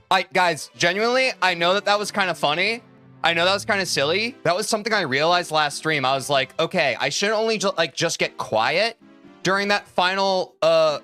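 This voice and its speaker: A man's voice: on the high side, pushed and bright, clean tone. A young man streaming a speedrun, chatting casually with his viewers, answering their messages and swearing freely. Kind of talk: casual live-stream chat while playing.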